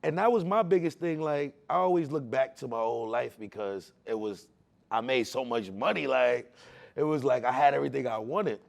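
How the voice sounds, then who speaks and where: A man telling his personal faith testimony in casual slang, emotional, repeating words for emphasis, swinging between hushed and loud. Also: mid-range voice, normal speed, gravelly. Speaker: testimony speaker.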